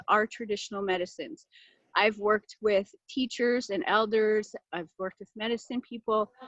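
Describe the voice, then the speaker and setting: A woman hosting a casual live class, talking in a chatty, heartfelt way with lots of fillers and bursts of animated excitement, into a laptop microphone. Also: a little high, no echo, dull audio. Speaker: class host presenting essential oils.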